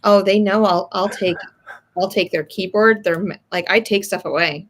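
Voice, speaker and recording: A woman's voice: medium pitch, moderate pace. A woman, a mother, chatting casually in a blunt, joking way. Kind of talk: casual chat.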